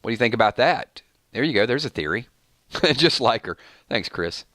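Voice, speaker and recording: A man's voice: mid-range voice, expressive, normal speed, pushed and bright, no room sound, studio quality. A man with a Georgia accent, casually hosting a live stream and reading viewer chat in an easygoing, folksy way with frequent chuckles. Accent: Georgia, US South. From Georgia, USA.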